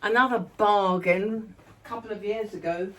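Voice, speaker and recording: A woman's voice: mid-range voice, fairly even intonation, normal speed, a bit bright. An older woman from England chatting casually to her phone camera, rambling and affectionate, walking about outdoors and at home. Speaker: vlogger.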